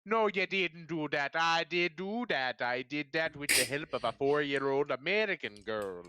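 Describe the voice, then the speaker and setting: A man's voice: on the high side, lively intonation, moderate pace, very noisy, lightly acted. A man voicing a doddering old man with a put-on, sing-song Swedish lilt. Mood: proud.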